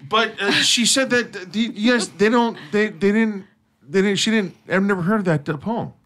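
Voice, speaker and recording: A man hosting an internet radio show chats casually with his co-hosts, laughing often, rambling and swearing freely. His voice is high and a bit bright, at a moderate pace.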